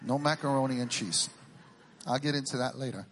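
A middle-aged man from Puerto Rico doing a stand-up routine, teasing the crowd with quick questions and Spanish exclamations. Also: medium pitch, a bit bright, a little hiss or hum. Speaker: stand-up comedian.

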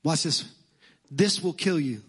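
A man's voice: on the high side, unhurried, fairly bright tone, breathy edge. A male pastor with a Brooklyn accent preaching a sermon in church, emphatic and fond of repeating phrases.

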